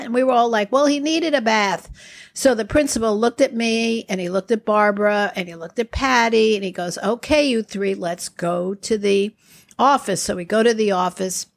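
A woman's voice: medium pitch, creaky. A woman in her sixties hosting a podcast, telling chatty personal stories and acting out the quotes. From Long Island, New York. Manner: chatty, animated anecdotes with acted-out quotes. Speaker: podcast host. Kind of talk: casual storytelling.

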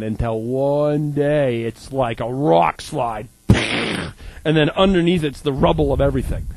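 A man in his thirties preaching a humorous sermon, animated and joking as he acts out little scenes. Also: mid-range voice, a little slow, vocal fry, no room sound, rough recording. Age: 30s.

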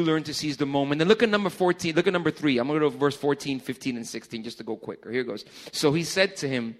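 A man preaching a sermon to a congregation in a church, animated and joking with the crowd as their pastor. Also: on the high side, fast, hardly any pauses. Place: church service before a congregation.

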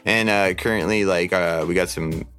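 Casting: very deep-voiced male podcast host, loose and profane, lots of "like" and "you know", faint music underneath. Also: normal speed, a bit bright. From Portland area, Oregon. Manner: rambling, profane, laid-back with lots of fillers. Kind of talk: casual podcast chat.

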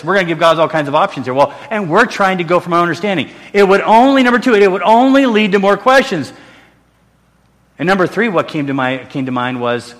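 Preaching with a high, expressive, fairly quick and slightly bright voice, a middle-aged pastor delivers a sermon in a church sanctuary, heavy with big-hall reverb. His tone is earnest and conversational, marked by restarts and jokes at his own expense.

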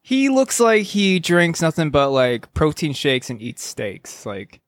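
A man's voice: a little high, huge pitch swings, slow pace. Joking man telling stories on a podcast. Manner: joking, storytelling, swears casually. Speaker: podcast co-host. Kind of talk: casual podcast banter.

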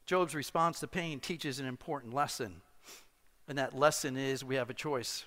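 A middle-aged male pastor delivers a sermon built around a personal story, full of animated, self-deprecating humor. His mid-range voice keeps a moderate pace, echoing with long hall reverb.

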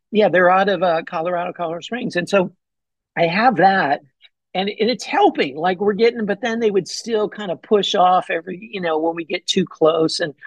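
A man telling a hunting story as a podcast guest, excited and rambling, with many fillers and restarts. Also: breathy edge, dry recording, poor audio. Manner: acts out his own past words with big pitch jumps. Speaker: podcast guest, bowhunter and pastor. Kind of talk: casual storytelling in an interview.

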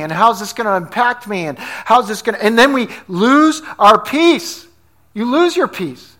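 A man's voice: very high voice, a bit bright. A man preaching a sermon as pastor, talking conversationally, asking the congregation questions and telling stories with energy.

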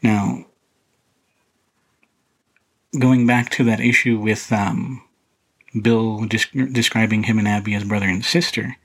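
A man hosting a podcast, casually talking through a film in a relaxed, rambling way with many fillers and restarts. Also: on the low side, a little slow, rough recording. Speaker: podcast host reviewing a film. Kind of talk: casual solo film commentary.

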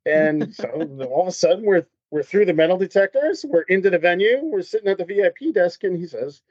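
A man chats as a guest on a business podcast, and his voice sits a touch high for a man. He tells stories in a lively way and acts out the lines of the people in them. The sound is dry, with a slightly dull lo-fi quality. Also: brisk, no room sound. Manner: animated storyteller, acts out quotes. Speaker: podcast guest, MSP consultant. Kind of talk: conversational interview storytelling.

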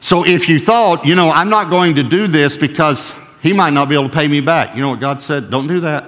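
A male pastor preaching a sermon with emphasis, who slows right down to read scripture and keeps checking with his audience. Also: fairly high pitch, fairly bright tone, big-room sound.

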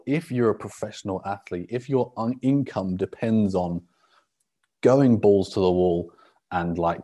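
A young man from the UK hosting a casual solo fitness podcast, relaxed and sweary, rambling with lots of fillers. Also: low-pitched. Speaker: podcast host and rugby fitness coach. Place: indoors at a laptop on a live video call.

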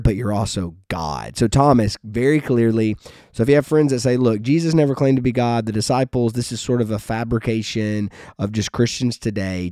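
Earnest man with a low, mellow voice. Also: dry recording, studio quality. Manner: earnest, emphatic, conversational. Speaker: Bible teacher. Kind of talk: casual devotional talk.

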